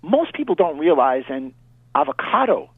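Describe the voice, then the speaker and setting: A man's voice: a little high, very animated, slightly rough, dry recording. A man with a New York accent, a chiropractor guest answering questions on a radio show in a confident, emphatic way. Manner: emphatic, confident, quick with punchy health rules. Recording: tinny dry phone line.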